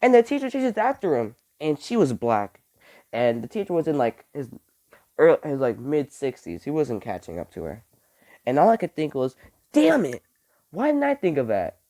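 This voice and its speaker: A young man tells a story to his camera in a loose, casual way. His pitch swings up and down a lot as he talks. He swears freely and fills his sentences with "like". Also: moderate pace. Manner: animated, swears, heavy use of "like". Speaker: vlogger.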